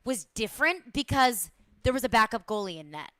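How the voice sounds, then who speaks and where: A woman's voice: a little high, very animated, fairly quick, sharp tone, no echo. A woman co-hosting sports talk radio, asking pointed questions with dry sarcasm.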